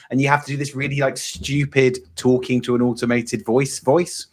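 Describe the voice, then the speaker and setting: A man's voice: mid-range voice, flat delivery, normal speed, darkish tone. A man co-hosting a casual chat over a video call, agreeable and given to repeating short remarks.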